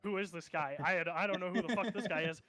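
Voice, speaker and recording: A man's voice: fairly even intonation, fast talker, pushed and bright, no room sound, soft background music. A man voicing a nervous, panicky male shop clerk in a tabletop game, stammering and frantic. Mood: flustered. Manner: frantic, stammering, squeaky when scared.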